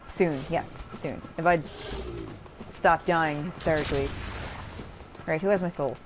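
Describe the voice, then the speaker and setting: A woman's voice: sits low, a little slow, noisy background. A young woman casually commenting as she streams a video game, chatty and laughing, reading chat aloud and swearing.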